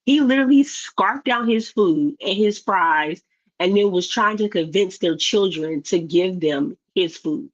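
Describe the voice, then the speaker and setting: A woman's voice: medium pitch, measured pace. A woman giving a blunt, exasperated casual commentary rant about videos. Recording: slightly dull lo-fi audio.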